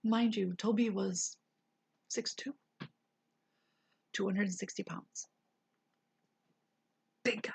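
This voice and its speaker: A woman vlogger telling a personal story in a hushed voice that often drops to a whisper. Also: mid-range voice, steady tone, slow pace, vocal fry, long pauses, breathy edge, dry recording.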